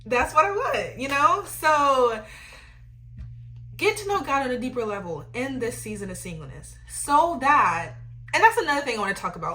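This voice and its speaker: Bright, animated young woman podcaster. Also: a little high, a little hiss or hum. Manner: animated, emphatic, often asks "you know what I'm saying". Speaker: podcast host. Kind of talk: faith-based advice rant.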